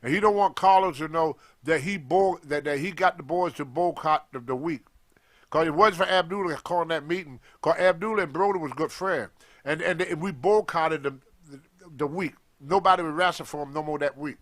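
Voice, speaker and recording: A man telling a story in casual talk, animated and acting out the voices of the people in it, with loose grammar. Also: on the high side, brisk. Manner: animated, acts out others' voices in his stories, loose grammar. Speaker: guest storyteller, former wrestler.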